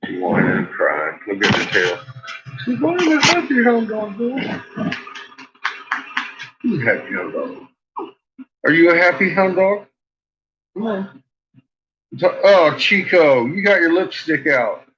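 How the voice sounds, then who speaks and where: A man with a headache chatting casually at home, swearing and joking, switching into a high sing-song voice to talk to his dogs. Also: very animated, slow pace, pauses often. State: has a headache. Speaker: vlogger talking to his dogs. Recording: dull lo-fi home recording with noise.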